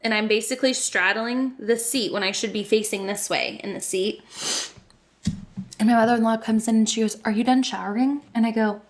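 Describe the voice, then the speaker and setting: With a voice on the high side and a fairly quick pace, a thirty-something podcast co-host recounts a casual story. Her delivery is animated, with lots of laughter and plenty of cursing.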